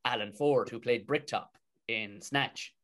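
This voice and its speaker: A man's voice: medium pitch, measured pace, a bit bright. A man with a Tipperary Irish accent, a comedic actor telling a story in an interview, swearing freely and rambling with restarts. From Tipperary, Ireland.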